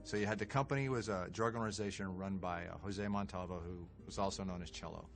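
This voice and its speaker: A man calmly explaining how the drug organizations were set up in a documentary interview. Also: sits low, fast talker, faint music behind. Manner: matter-of-fact explaining.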